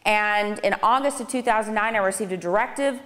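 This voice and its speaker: Brisk and fairly bright, her medium-pitched voice carries through a reverberant lecture hall. A public speaker in her thirties on a speaking tour, she tells a live audience her personal testimony in a conversational tone, punctuated by dry sarcasm.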